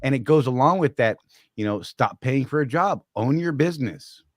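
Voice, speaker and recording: An earnest man co-hosting a casual chat show, his medium-pitched voice steady and conversational. He keeps restarting and doubling his words as he works through a thought. The sound is dry and close, with no room echo at all. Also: normal speed. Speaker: podcast co-host.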